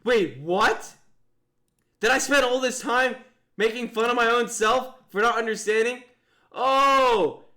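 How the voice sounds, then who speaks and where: A young man commentating live on an online mafia game he is playing, excitable and full of disbelief, thinking out loud. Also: extremely high pitch, takes it slowly.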